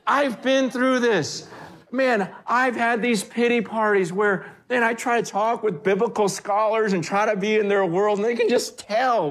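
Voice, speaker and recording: A man preaching in a loose, conversational way, with a voice that sits high for a man. He is lively and animated and slips into the voices of the people he quotes. It feels like talking with the congregation more than preaching at them. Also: a little slow. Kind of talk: sermon.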